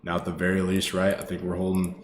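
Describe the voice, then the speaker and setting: A fast-talking man with a low, monotone voice walks his live stream audience through stock charts, cursing freely and addressing them as brother and boss. The background is noisy, in an echoey room with faint ambience.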